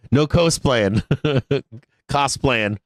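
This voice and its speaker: Hosting a stock market livestream, a man with a mid-range voice and lively intonation talks extremely slowly, with no room sound. The chat is casual and profane, and he laughs a lot and rants.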